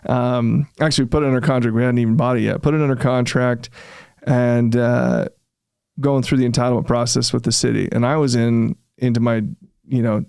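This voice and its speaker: A man with a gravelly, fry-tinged voice at an ordinary middle pitch tells his development story in a relaxed interview. He jumps into lively retellings of his own past remarks. The recording is dry and close, with no room sound. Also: a little fast, dry recording. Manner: animated, reenacts his own past remarks, frequent fillers. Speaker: real estate developer guest.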